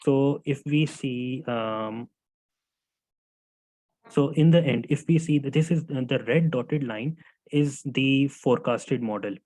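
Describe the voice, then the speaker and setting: A man's voice: mid-range voice, slow pace, darkish tone, no echo, low-quality recording. A male student presenting answers to his teacher in class, hesitant and full of fillers, calling him sir. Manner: hesitant, many fillers and restarts.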